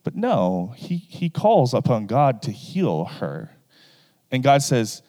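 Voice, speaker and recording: A man's voice: mid-range voice, slow pace, in a large hall. A man giving a casual Bible lesson, acting out the people in the story with lots of asides to the listeners. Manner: animated, acts out the people in the story. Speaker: preacher.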